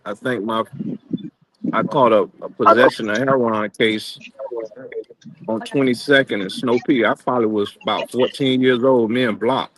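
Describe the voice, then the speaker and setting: A man talking in a laid-back, halting street style as a guest on a casual live interview. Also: mid-range voice, fairly even intonation, fairly bright tone, low-quality recording.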